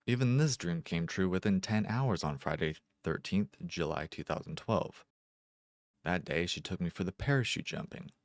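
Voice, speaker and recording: A man narrates a first-person short story in a very deep voice. He reads at a measured, deliberate pace with careful pauses, recorded close and dry. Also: dry recording. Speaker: amateur narrator.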